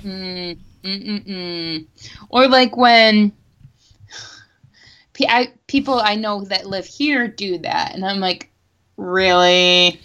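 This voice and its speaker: A woman's voice: mid-range voice, slow, a bit bright. A woman from Michigan, co-hosting a podcast in casual, playful, teasing chat. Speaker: podcast co-host.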